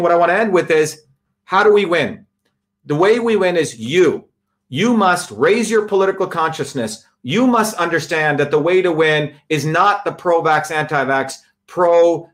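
Emphatic man with a slightly high voice. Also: fairly bright tone. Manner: emphatic and repetitive, builds with lists. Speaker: speaker addressing a live audience. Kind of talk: impassioned political talk.

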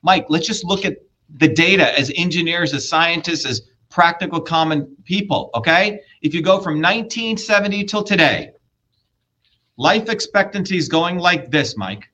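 A man's voice: fairly high pitch, expressive, normal speed, bright, forceful tone. A man running for office, arguing bluntly and lecturing with profanity in a heated political debate. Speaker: political candidate.

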